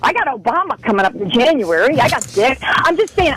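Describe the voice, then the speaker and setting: A woman's voice: high voice, very animated, brisk, hardly any pauses, fairly bright tone, a little hiss or hum, poor audio. A woman calling into a radio show, passionate and pleading as she scolds the host. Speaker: radio caller. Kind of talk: heated radio call-in.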